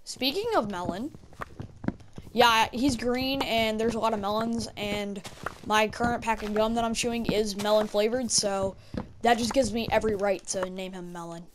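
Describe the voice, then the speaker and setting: A woman's voice: mid-range voice, fairly even intonation, normal speed, noisy background. A woman giving casual gameplay commentary. She chats to her in-game pets and exclaims often. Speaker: gaming video creator.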